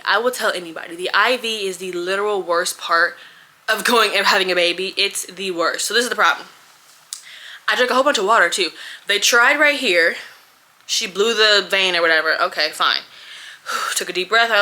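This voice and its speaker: A young woman, telling a story to camera in a casual, animated way. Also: medium pitch. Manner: animated, expressive storytelling with laughs and quoted voices. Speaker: vlogger.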